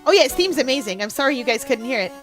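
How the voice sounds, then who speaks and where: A woman's voice: high-pitched, animated, racing, fairly bright tone, soft background music. Chatty joking young woman streamer. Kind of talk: live gaming stream chat.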